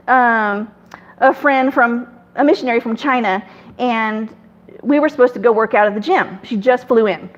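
A woman with a high voice tells a personal story in a chatty, casual way, acting out the people she quotes. The recording sounds dull and lo-fi. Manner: chatty, acts out other people in quoted dialogue. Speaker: guest telling her faith testimony.

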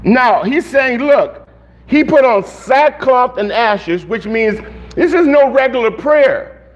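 High-voiced pastor preaching slowly. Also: male voice, animated, lo-fi sound. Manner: conversational, restarts and repeats phrases. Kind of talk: sermon.

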